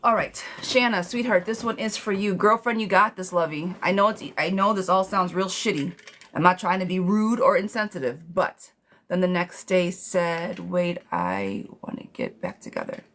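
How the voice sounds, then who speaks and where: A woman's voice: on the low side, fairly even intonation, normal speed, fairly bright tone. Blunt, swearing tarot reader woman. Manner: blunt, frank, swears freely; affectionate pet names for viewers. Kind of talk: live-streamed tarot reading.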